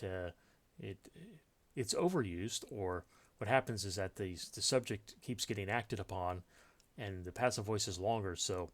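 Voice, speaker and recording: Man, writing teacher, low voice, unscripted explanation, frequent uhs and restarts. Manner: unscripted, thinking aloud with many fillers and restarts. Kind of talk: explaining grammar in a recorded lesson.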